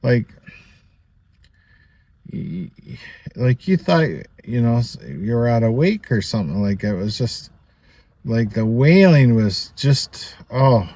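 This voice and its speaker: A man's voice: mid-range voice, sing-song, slow, long pauses, dark tone, no room sound. A man casually telling a personal story to camera, rambling and chatty, with many asides and small laughs. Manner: rambling, chatty, peppered with "you know" and little laughs. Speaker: vlogger.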